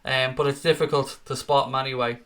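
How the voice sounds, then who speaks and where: A young man hosting a live fan watchalong, calling play and answering viewer comments in an excitable, sweary, bantering way. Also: mid-range voice, fairly quick.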